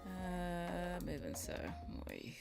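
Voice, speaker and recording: A woman's voice: on the low side, sing-song, very slow, gravelly, loud music behind the voice. A tired British woman chatting casually with her live stream, rambling and giggling and muttering to herself while she works. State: tired and yawning. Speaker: Sims custom content creator streaming.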